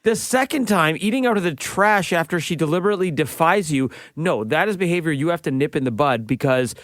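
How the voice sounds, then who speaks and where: Rich: A man co-hosting a podcast with quick, opinionated banter. He talks fast with a slightly high voice, and the studio mic sounds close and dry. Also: animated, fairly bright tone, no echo. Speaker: podcast co-host. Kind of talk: casual chat.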